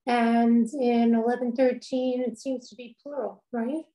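High-voiced woman in a roomy echo. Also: unhurried. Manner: short, even answer ending on a checking question. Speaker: class participant. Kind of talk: answering a teacher's question in class.

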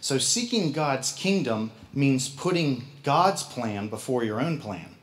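A man with a Midwestern American accent preaching a sermon as pastor, folksy and quick to laugh at himself. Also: medium pitch, big pitch swings.

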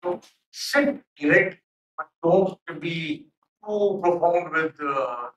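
A man's voice: a little high, lively intonation, slow pace, a bit bright, recorded from a distance. A man giving stern feedback in a mock interview, with many fillers. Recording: echoey room, off mic.

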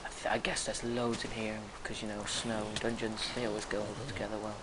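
A young gamer mutters quietly to themselves during gameplay and breaks into loud yells and shrieks at enemies. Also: mid-range voice, level tone, a little fast, noisy background. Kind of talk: gameplay commentary.

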